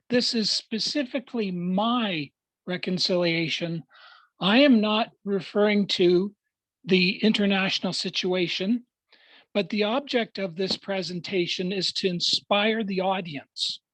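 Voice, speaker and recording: A man giving a formal prepared speech to a club over a video call, measured and deliberate, with emphatic pauses. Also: high-pitched, fairly bright tone, no room sound, low-quality recording. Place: at home, joining remotely.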